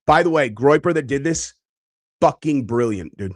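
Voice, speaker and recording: A man's voice: mid-range voice, expressive, normal speed, no room sound. Brash male online commentator, crude and cocky, dry close sound. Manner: brash, profane, boastful; talks in bursts with frequent fillers. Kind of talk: casual reaction commentary.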